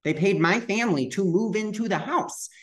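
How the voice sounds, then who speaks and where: A man's voice: high-pitched, normal speed. A young adult man telling a story on his spiritual vlog in a chatty way, full of fillers and acted-out dialogue. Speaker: spiritual vlogger.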